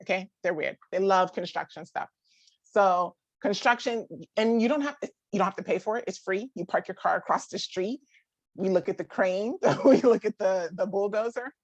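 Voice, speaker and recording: A woman's voice: mid-range voice, no room sound, lo-fi sound. Chatty woman talking to a group, dry sound. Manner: chatty, full of "like" and quick restarts; laughs often and acts out others' voices. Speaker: parenting speaker. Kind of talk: casual talk to a live group.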